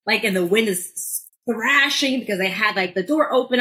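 A woman co-hosting a podcast and telling her own stories. She talks in an expressive way and leans on "like," and her voice sits at an ordinary middle pitch. Now and then she jumps to loud, high bursts to act out a scene. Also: normal speed, low-quality recording. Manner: frequent filler "like". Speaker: podcast co-host. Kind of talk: casual podcast storytelling.

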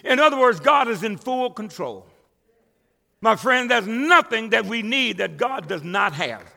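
In a church sanctuary before his congregation, a male pastor preaches in a high-pitched, sing-song voice that is creaky and sharp. He's unhurried, emphatic and conversational, often stumbling and restarting words, and a long reverb tail trails his speech.

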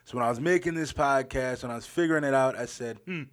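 A man's voice: mid-range voice, fast talker. A young man hosting his own podcast, telling a story in a casual, rambling way, repeating phrases and laughing often. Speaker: podcast host.

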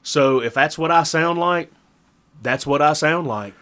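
A man's voice: a little high, a little slow, bright, forceful tone. A man with a Southern Virginia drawl, telling rambling stories in casual chat as a podcast co-host. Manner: rambling storyteller, chuckles often.

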